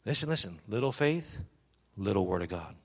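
A man preaching a sermon as pastor, swinging from loud exhortation to quiet earnest asides and acting out objections from the pews. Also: sing-song, normal speed, gravelly, breathy edge. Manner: acts out congregation objections in a higher voice.

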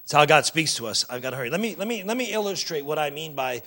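A man preaching a sermon as pastor, swinging from loud exhortation to quiet earnest asides and acting out objections from the pews. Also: lively intonation, fast talker. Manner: acts out congregation objections in a higher voice.

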